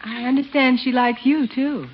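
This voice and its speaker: A woman's voice: sits high, fairly even intonation, moderate pace, lightly acted. An actress playing a cool, teasing girlfriend in a 1940s radio comedy, dry and wry. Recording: dull old radio broadcast with faint hiss.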